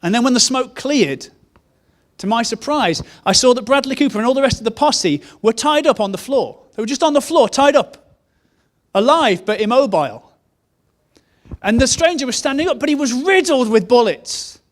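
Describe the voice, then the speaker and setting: A man's voice: very high-pitched, lively intonation, normal speed. A man preaching a sermon, telling a story in an earnest way and repeating key phrases. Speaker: pastor.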